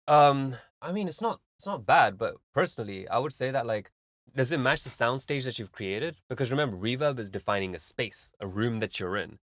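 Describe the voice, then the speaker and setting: A man's voice: mid-range voice, animated, a little fast, fairly bright tone, no room sound, studio quality. A man hosting a live stream, giving casual, rambling music feedback full of fillers and vivid analogies.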